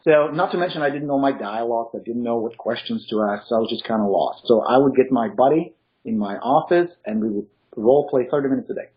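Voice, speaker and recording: With lively intonation and hardly a pause, a mid-range-voiced man talks fast as a real estate coach in a casual interview, his slight Eastern European accent marking him as a non-native English speaker. He is emphatic, motivational, and quick to laugh, though the highs of the recording are cut off.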